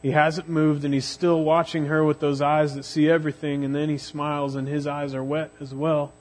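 A man preaching as youth pastor, retelling the story with drama and slowing right down on the phrases he wants to land. His speaking voice sits slightly higher than most men's. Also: level tone. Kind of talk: sermon.

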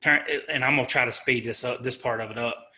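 Middle-aged man, very bright, tense tone, average pitch, halting and earnest interview guest. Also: steady tone, slight background noise. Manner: earnest and halting, with frequent restarts and self-corrections. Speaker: interview guest, army sergeant. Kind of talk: recounting a personal war story.

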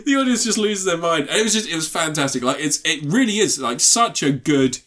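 A man's voice: on the high side, lively intonation, fairly quick, fairly bright tone. A man co-hosting a podcast, telling a story in casual chat, laughing often and swearing freely. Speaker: podcast co-host.

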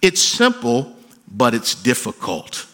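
Husky preacher guy, bright edgy tone, goes soft then builds way up loud. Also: medium pitch, wildly swooping pitch, slow. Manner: swings from hushed pleading to soaring shouted emphasis. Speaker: pastor. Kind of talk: sermon.

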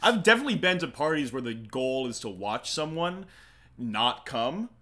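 A man's voice: mid-range voice, big pitch swings, moderate pace, sharp tone. A man co-hosting a casual comedy chat, rambling and crude, with lots of fillers and restarts. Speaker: podcast co-host.

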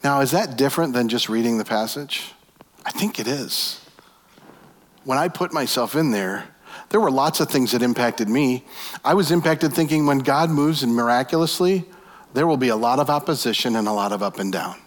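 A man preaching in a big reverberant hall, his voice trailing off into a long echo. He retells a scripture story with lively imagination and keeps asking his listeners rhetorical questions. His pitch sits in the middle range. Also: moderate pace. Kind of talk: sermon.

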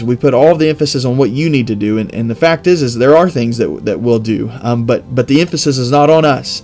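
Devotional host, male, mid-pitched, earnest and emphatic, faint music underneath. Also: a little fast, few pauses, a little mellow. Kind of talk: Bible reading and devotional reflection.

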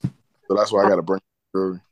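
A man's voice: low voice, little pitch movement, fast, no room sound, lo-fi sound. A man co-hosting a podcast, joking and chatting casually in a playful way. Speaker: podcast co-host. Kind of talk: casual chat.

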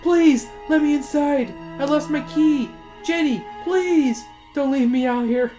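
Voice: unhurried, warm tone, faint music behind. A podcast host voicing a ghostly boy who whines and begs to be let in, in a storybook reading. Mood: pleading. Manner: high, whiny begging. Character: pleading ghostly boy at the door.

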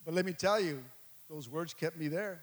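A man preaching a sermon to his congregation, repeating phrases and building to loud, impassioned peaks. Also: fairly high pitch, normal speed. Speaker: pastor. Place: church hall. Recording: long reverb of a large hall.

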